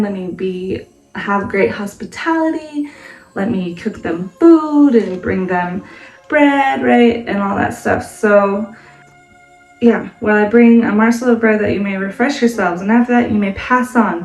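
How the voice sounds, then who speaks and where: A woman's voice: fairly high pitch, darkish tone. Brief: woman, Bible study host, reads passages then muses aloud, conversational, set back from the mic with faint music under her. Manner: thinking aloud, conversational, often asks "right?". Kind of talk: reading scripture and casual commentary. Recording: roomy echo, distant from the mic, faint music behind.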